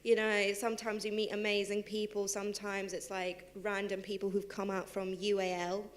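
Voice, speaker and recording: On a theatre stage, a young woman appears as a live panel guest; she works as a civil servant and a henna artist. She tells personal stories quickly and casually, full of fillers and laughing at herself, in a mid-range voice with little pitch movement.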